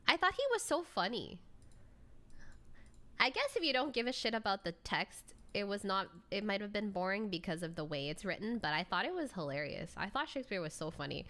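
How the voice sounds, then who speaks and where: Bright-voiced young woman streamer. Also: medium pitch, very animated, a little fast. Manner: chatty storytelling, laughs often, casual swearing. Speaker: streamer reacting to a video. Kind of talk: casual chat.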